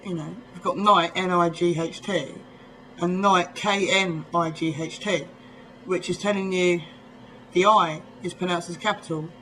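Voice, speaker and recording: A man's voice: high voice, steady tone, normal speed, sharp tone, a little hiss or hum, poor audio. Chatty young man with a southern English accent. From England, near London. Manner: rambling, chatty, full of ums and little laughs. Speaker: vlogger. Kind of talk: casual chat to camera.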